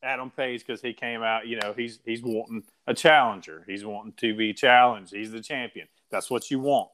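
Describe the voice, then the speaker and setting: A man's voice: mid-range voice, steady tone, normal speed, a bit bright. An American man hosting a casual podcast, rambling with restarts and laughing often. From USA. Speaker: podcast host. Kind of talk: casual chat.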